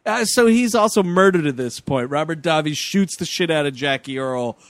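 A man's voice: a little high, animated, moderate pace, dry recording. A man co-hosting a podcast, recapping a movie in casual, joking, profane chat. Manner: joking, profane, puts on goofy voices for characters. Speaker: podcast co-host.

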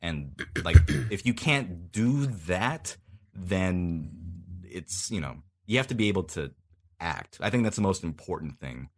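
A male voice actor, a podcast guest, talking casually and explaining at length with many pauses. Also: low-pitched, animated.

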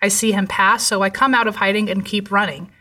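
A young woman narrating a first-person story in a steady, measured way. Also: mid-range voice. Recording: voice slightly distant from mic.

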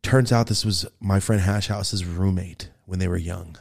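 Casual podcast storyteller, man, lowish voice, profane and excitable. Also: normal speed, gravelly. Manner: animated, profane, jumps into high excited voices for quotes. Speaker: podcast host telling a story.

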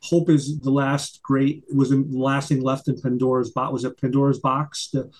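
Here the retired investigator and attorney, a middle-aged man, sounds mid-range and level at a moderate pace. As a guest in a conversational interview, he makes his points emphatically despite frequent stumbling restarts.

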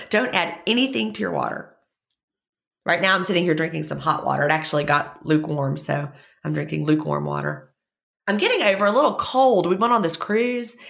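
A woman with a deep, gravelly voice co-hosting a casual podcast. She sounds a bit stuffy from a cold and gives her advice with emphatic conviction. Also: fairly bright tone. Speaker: podcast co-host.

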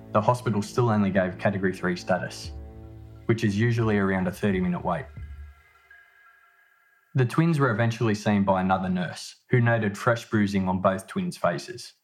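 A man reading a scripted narration in a measured, matter-of-fact way. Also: fairly low pitch. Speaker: podcast narrator.

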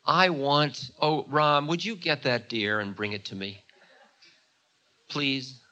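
A man's voice: mid-range voice, slow pace, bright, forceful tone, highs cut off. A man voicing a young princess who pleads and insists, urgent in her requests. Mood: coaxing.

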